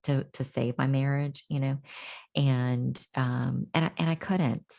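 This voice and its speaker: As an interview guest, a middle-aged woman candidly reflects on her own story in a very low, gravelly voice with a darkish tone. Her intonation stays fairly even, and she pauses often and restarts sentences.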